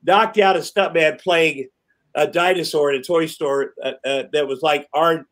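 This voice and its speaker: A man on a podcast as a guest, telling rambling, animated stories, swearing and laughing as he goes. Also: fairly high pitch, normal speed, low-quality recording. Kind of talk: casual chat.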